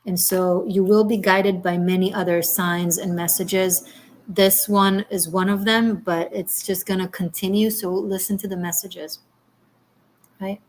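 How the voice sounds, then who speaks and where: A woman reading tarot cards on a live stream, her talk rambling and broken by fillers and restarts. She speaks gently and reassuringly, sounds moved almost to tears, and keeps a voice of middling pitch. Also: steady tone, measured pace, a little hiss or hum. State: emotional, near tears. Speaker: tarot reader.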